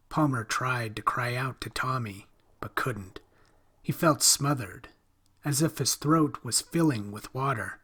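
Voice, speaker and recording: A man reading a horror story aloud in a slow, hushed, drawn-out way. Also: medium pitch, slightly rough. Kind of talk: scripted horror narration.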